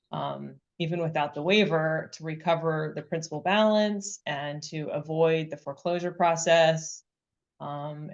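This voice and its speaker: A woman on a webinar panel presenting case law, explaining what the court found and reading out its findings. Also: sits low. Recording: dull lo-fi webinar audio.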